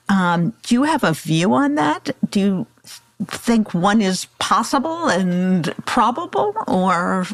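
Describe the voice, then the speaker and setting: Woman host asking questions, lowish voice, dry close sound. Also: very animated, a little slow, no echo. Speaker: podcast host. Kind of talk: podcast interview.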